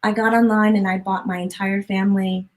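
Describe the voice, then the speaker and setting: A woman hosting a conversational interview, telling stories in an animated, expressive way. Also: mid-range voice, brisk, poor audio. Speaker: podcast host.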